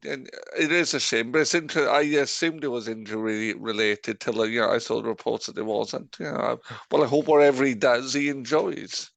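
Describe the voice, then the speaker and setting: Gravelly, halting male co-host. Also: medium pitch, fairly even intonation, no echo. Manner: halting, with many restarts. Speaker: podcast co-host. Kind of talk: casual podcast chat.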